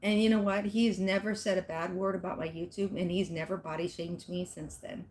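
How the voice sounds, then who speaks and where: A woman's voice: lowish voice, flat delivery, brisk, darkish tone, slight background noise. A middle-aged woman, a fitness vlogger, telling a personal story in casual chat and speaking straight to her viewers with emphasis. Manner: emphatic, addresses viewers directly.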